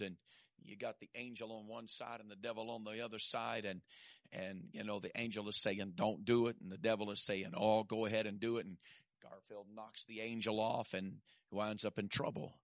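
A man preaching a sermon, swinging from shouted peaks to quiet asides and dropping in "amen.". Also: fairly low pitch, steady tone, moderate pace, gravelly, no room sound, studio quality.

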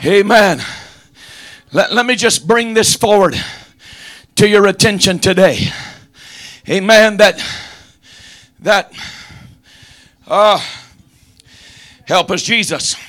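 A man preaching a sermon in a rhythmic, shouted cadence, with an "uh" before each phrase and frequent amens. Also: high voice, slow pace, long pauses. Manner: frequent "amen" interjections.

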